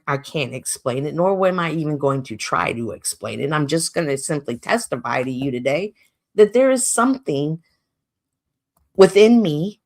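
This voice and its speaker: A woman hosting a casual livestream monologue, talking in an expressive, animated way and laughing often. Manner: animated, expressive, laughs often, mimics others in high voices. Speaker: livestream host.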